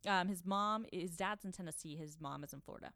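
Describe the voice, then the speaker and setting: A young woman with a low-pitched voice rattles along at a quick clip, co-hosting a casual podcast. She fills her chatty, gossipy retelling with likes and ums. The sound is dry and close. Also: fairly bright tone, dry recording. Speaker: podcast co-host. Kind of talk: casual chat.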